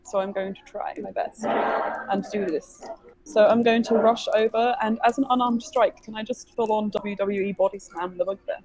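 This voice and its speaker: A woman's voice: mid-range voice, fairly even intonation, normal speed, crowd noise. A woman playing a tabletop game from a café, talking casually and eagerly with frequent giggles. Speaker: player. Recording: noisy café background.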